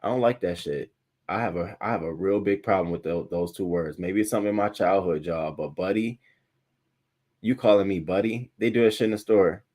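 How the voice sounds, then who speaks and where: Blunt, deep-voiced male stream host. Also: brisk, a little mellow. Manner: blunt, profane, reads viewer comments aloud. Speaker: live-stream news commentary host. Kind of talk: casual live-stream chat.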